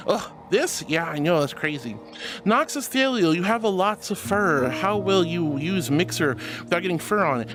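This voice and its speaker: A woman's voice: lowish voice, expressive, moderate pace. A woman hosting a casual live stream, bubbly and affectionate as she greets viewers and reads chat aloud. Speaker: livestream host. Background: background music.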